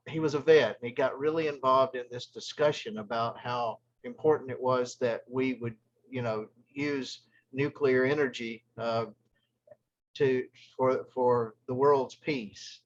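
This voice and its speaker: A man leading a group discussion, telling a long story in a halting way, with many restarts. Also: mid-range voice, muffled recording.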